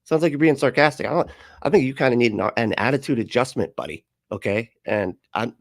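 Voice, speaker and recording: A man chats loosely on a live stream, reading out viewer messages and puzzling over jokes he doesn't get. He laughs a lot and swears freely, at a middling pitch, recorded close and dry with no room sound. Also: lively intonation, fairly quick, gravelly, no echo. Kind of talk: casual live-stream chat.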